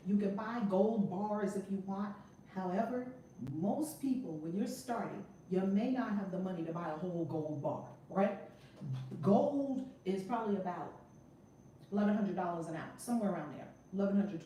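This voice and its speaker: A woman hosting a live-streamed class, energetic and encouraging, greeting viewers and repeating key points. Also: mid-range voice. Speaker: teacher and host. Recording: echoey room, distant mic, faint noise.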